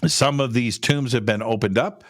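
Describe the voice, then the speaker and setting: A man's voice: mid-range voice, moderate pace, dry recording, clean studio sound. A man talking casually about pyramids as a guest, rambling, repeating words and restarting his sentences. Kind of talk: casual conversational talk.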